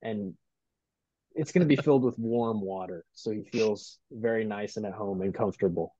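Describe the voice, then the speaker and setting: Guy playing a tabletop game, low warm voice, slow and thinking it through, kinda muffled mic. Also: no room sound. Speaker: player. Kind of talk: casual tabletop play.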